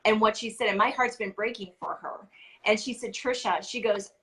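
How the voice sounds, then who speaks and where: A woman's voice: mid-range voice, fairly even intonation, fairly quick, sharp tone, poor audio. A woman talking as a podcast guest, telling stories in an earnest, emphatic way. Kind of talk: casual heartfelt conversation.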